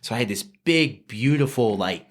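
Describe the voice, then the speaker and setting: Lively storytelling man from New Mexico. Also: mid-range voice, normal speed. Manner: animated, lively storytelling with frequent fillers. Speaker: guest chef. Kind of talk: casual storytelling on a podcast.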